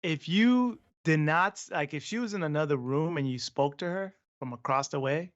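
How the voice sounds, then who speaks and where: Excitable higher-voiced man on a lo-fi podcast. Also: normal speed. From Southern California. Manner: excitable, laughs often, talks over his co-host. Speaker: podcast co-host. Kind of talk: casual chat.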